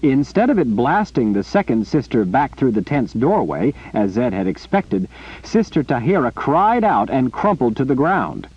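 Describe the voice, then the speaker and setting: A man reading an audiobook in a lively storytelling way. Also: mid-range voice, moderate pace, slightly rough. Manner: animated storytelling. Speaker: audiobook reader. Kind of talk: scripted narration. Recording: muffled lo-fi recording.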